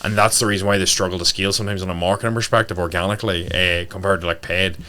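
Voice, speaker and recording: Man, low bright voice, rapid blunt sweary podcast chat. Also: fairly even intonation. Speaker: guest, fitness coach. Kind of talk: casual podcast talk.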